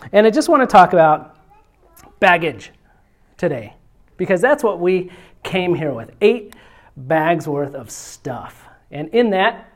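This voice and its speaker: A man from the United States preaching a casual sermon. He is chatty and self-deprecating and speaks straight to the audience. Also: high voice.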